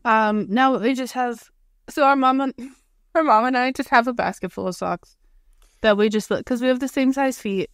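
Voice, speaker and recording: A woman co-hosting a podcast in relaxed casual chat, often clearing her throat between thoughts. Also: fairly high pitch, moderate pace, no room sound, clean studio sound. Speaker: podcast co-host.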